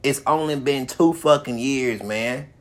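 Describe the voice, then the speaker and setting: A man's voice: mid-range voice, unhurried. A man hosting his own podcast, giving a profane, repetitive motivational monologue with heavy swearing. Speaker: podcast host.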